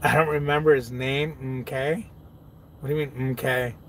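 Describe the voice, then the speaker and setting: A man's voice: medium pitch, flat delivery, brisk, slight background noise. A truck-driving man in casual live-stream chat, laid-back, laughing often and reading viewer comments aloud. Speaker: truck driver vlogger.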